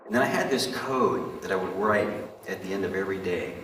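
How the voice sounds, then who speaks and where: A man's voice: low voice, animated, a little fast, a bit bright, a little hiss or hum. A man giving an earnest stage monologue, confiding directly in his audience. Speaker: stage performer telling his life story. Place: stage in a large hall. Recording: echoey hall from far off.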